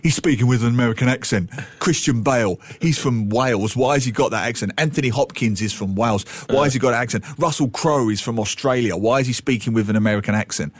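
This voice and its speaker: A man co-hosting a casual radio chat, playful and animated, slipping into mimicked voices. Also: medium pitch, fast talker, hardly any pauses, husky, no echo. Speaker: radio co-host, language commentator.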